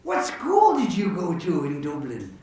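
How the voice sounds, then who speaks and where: A man's voice: on the high side, wildly swooping pitch, measured pace, mellow, pitched below the performer's own voice. A man voicing a jovial drinker in a bar who keeps raising toasts in an eager, exclaiming way. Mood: cheery. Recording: echoey room from far off.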